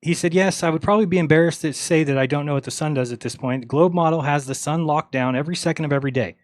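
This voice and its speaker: A man's voice: fairly high pitch, racing, no room sound. A man hosting a livestream, ranting bluntly and mockingly, acting out the lines of people he quotes. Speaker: livestream host. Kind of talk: casual livestream rant.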